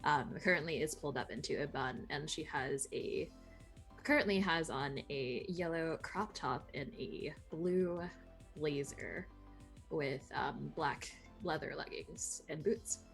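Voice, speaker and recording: A woman with a very low voice describes her character for a tabletop role-playing stream, unhurried and calm. Faint music runs underneath. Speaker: player.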